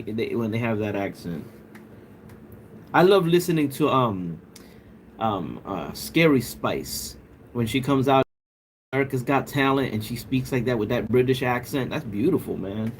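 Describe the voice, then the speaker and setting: A man's voice: mid-range voice, animated, a little slow, darkish tone, a little hiss or hum. Joking man chatting on a livestream. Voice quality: bald. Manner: joking, laughs often, mimics a British accent. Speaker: livestream host. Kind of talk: casual livestream chat reading viewer comments.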